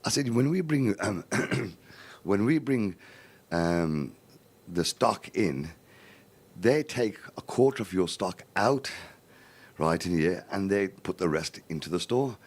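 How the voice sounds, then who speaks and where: A middle-aged man recounts his own life story on a live charity appeal. His voice sits very low. He jumps into the voices of the people he quotes and keeps tucking little verbal tics into the telling. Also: slow pace, pauses often. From Birmingham, England. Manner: animated storyteller, acts out quoted dialogue, repeats "right, in here".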